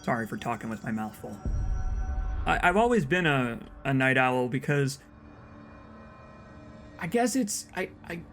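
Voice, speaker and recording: A man's voice: mid-range voice, very animated, measured pace, long pauses, a bit bright. Rambling young man over faint game music. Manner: rambling, self-interrupting with repeated words. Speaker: let's play host. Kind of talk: casual let's play commentary.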